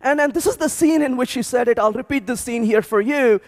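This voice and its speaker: A man speaking at a programming conference, telling animated stories with frequent restarts and repeated words. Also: extremely high pitch, fairly quick. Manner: animated storytelling with many restarts. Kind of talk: energetic tech conference talk. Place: large conference hall.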